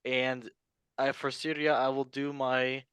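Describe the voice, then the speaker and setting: Male podcast host, laid-back and jokey; crisp bright voice, dry. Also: medium pitch, flat delivery, measured pace, no room sound. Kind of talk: casual sports chat.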